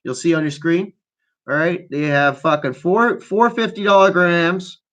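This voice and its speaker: A man's voice: fairly high pitch, fairly even intonation, a little slow, a bit bright. A man hosting a casual call-in chat, freestyle rapping and rambling with heavy profanity, stoned. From Canada. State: high on weed. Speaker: host.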